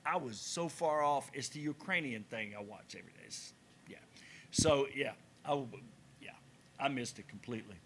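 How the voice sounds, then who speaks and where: A man's voice: medium pitch, normal speed, a little hiss or hum. A man co-hosting a casual podcast in a cigar lounge, telling stories and acting out conversations. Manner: animated storyteller who acts out conversations. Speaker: podcast co-host. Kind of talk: casual banter and storytelling.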